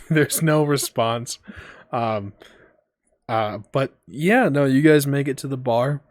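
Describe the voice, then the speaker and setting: A man narrating as game master, relaxed and full of ums and restarts. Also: mid-range voice, slow, no room sound, clean studio sound. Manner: loose, filler-heavy narration with frequent ums.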